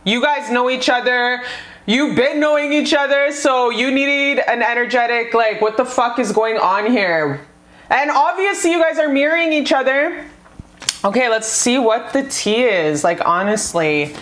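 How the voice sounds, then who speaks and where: A woman's voice: on the high side, lively intonation, measured pace, fairly bright tone. A woman reading tarot cards for her viewers in a casual vlog, gushing and swearing freely as she talks. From North America. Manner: bubbly, profane, gushing. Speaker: tarot reader. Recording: echoey room.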